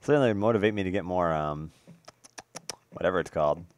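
A young man casually commentating his own game play, excitable and swearing, cooing baby talk at the animals. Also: low-pitched, fairly quick, a little hiss or hum. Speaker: gaming video host.

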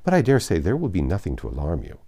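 A man's voice: low voice, huge pitch swings, mellow, heavily acted. A man reading a classic novel aloud, voicing a fretful, self-pitying young mother who complains easily. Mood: eager. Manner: complaining, quick to whine.

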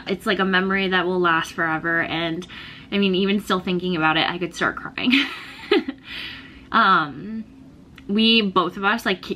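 Bright-voiced young woman vlogger. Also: lowish voice, a little hiss or hum. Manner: emotional, gushing, lots of "like" and laughter. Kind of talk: casual storytelling vlog.

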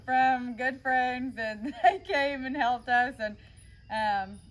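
Female co-host, high and a little hoarse, quick interjections. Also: muffled recording. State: slightly hoarse. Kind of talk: casual vlog chat.

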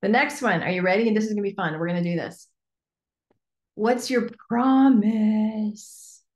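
A woman business coach teaching a workshop in a chatty, animated way with lots of fillers. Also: mid-range voice, racing. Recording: echoey room.

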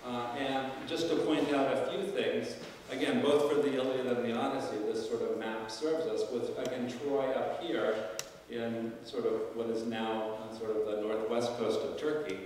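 A man's voice: medium pitch, fairly even intonation, moderate pace, darkish tone, a little hiss or hum. A man, a classics professor, lecturing to alumni in a thoughtful, searching way, with frequent fillers and restarts. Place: lecture hall. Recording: roomy hall, distant mic.

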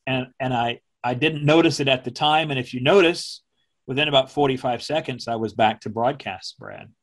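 A middle-aged man, a former television meteorologist, recalling events in a slow, measured way that turns emotional. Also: mid-range voice. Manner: slow, measured, speaking from the diaphragm. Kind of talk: emotional personal recollection.

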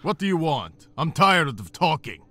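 A man doing a snarling high-pitched thug. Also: big pitch swings, moderate pace, bright, forceful tone, heavily acted. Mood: hostile. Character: hostile young male thug, snarling at a cop.

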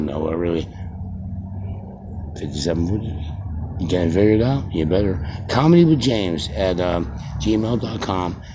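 Rambling low-voiced man in his fifties. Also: dark tone, a little hiss or hum. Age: 50s. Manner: rambling and halting, many fillers and restarts. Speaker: self-styled radio host. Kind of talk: rambling mock radio broadcast.

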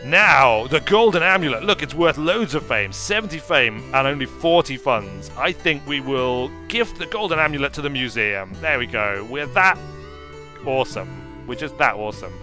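A man's voice: medium pitch, lively intonation, moderate pace, bright, forceful tone, faint music behind. A man giving playful, jokey gameplay commentary as host of a let's play. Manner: playful, jokey, self-mocking.

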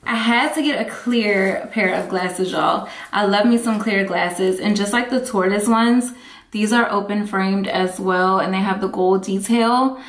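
A woman's voice: mid-range voice, unhurried. Chatty woman in an echoey room. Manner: chatty, upbeat, talks straight to viewers with "y'all". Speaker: vlogger. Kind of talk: casual chat to camera.

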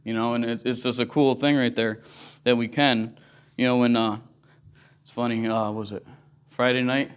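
A man's voice: medium pitch, level tone, moderate pace, long pauses, smooth. Earnest man teaching Sunday school. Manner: earnest, conversational, often says "you know". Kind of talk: casual Bible teaching. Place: church classroom.

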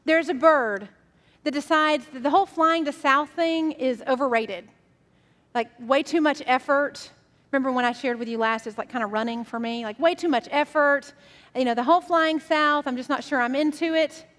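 High-voiced woman pastor preaching. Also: normal speed, fairly bright tone, in a large hall. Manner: conversational, storytelling. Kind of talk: sermon.

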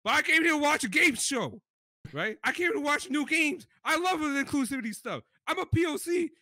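A man with a very bright, high voice talks in a fast, lively rush of excitement. He swears freely and jumps between a high pitch and deep mock voices. The sound is dry and close. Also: dry recording. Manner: animated, swearing, mimics deep voices of company speakers. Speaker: podcast co-host. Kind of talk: excited casual chat.

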